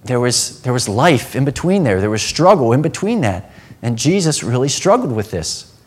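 A man's voice: medium pitch, very animated, normal speed. Earnest male preacher delivering a sermon. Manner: earnest, swings from hushed to emphatic.

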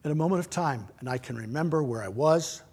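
A middle-aged man preaching a sermon in a church, earnest, swinging from loud to near-whispered. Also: a little high, animated, fast talker, breathy edge. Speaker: pastor.

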